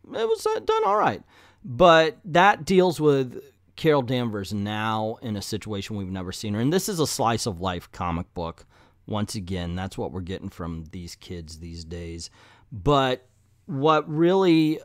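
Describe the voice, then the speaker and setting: A man's voice: lowish voice, no room sound, clean studio sound. A man with a slight Southern drawl, ranting bluntly and profanely as a comic book reviewer in an exasperated vlog.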